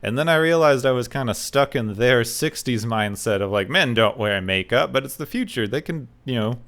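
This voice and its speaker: A man hosting a podcast in casual chat, recapping an episode in a wry, steady way. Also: mid-range voice, normal speed. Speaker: podcast host.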